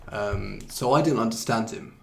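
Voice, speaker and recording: A man teaching pronunciation over a live stream from his desk computer, gravelly and full of fry. He talks in a relaxed, chatty way, restarts his sentences often and mutters the odd mild curse. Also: on the low side, moderate pace. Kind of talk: live-streamed lesson, answering viewer comments.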